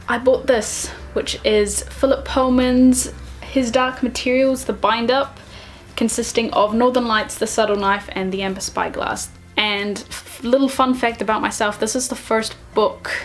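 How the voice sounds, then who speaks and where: A woman, chatting excitedly and self-deprecatingly in a casual book vlog. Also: mid-range voice. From New Zealand. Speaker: book vlogger.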